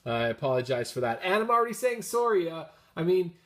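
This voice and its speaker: A Canadian man talks through his latest finds in a relaxed, upbeat way, drifting into little tangents as he goes. His voice sits slightly higher than most men's. He records at home in a casual vlog style. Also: brisk. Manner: chatty and upbeat, rambling asides. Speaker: comics vlogger showing his haul. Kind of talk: casual chat.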